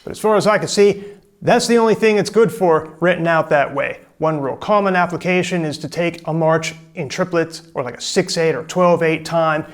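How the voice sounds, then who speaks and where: A man teaching drum rudiments in relaxed, casual talk, walking through each stroke step by step. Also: fairly high pitch. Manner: relaxed, explains step by step, counts in. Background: drums.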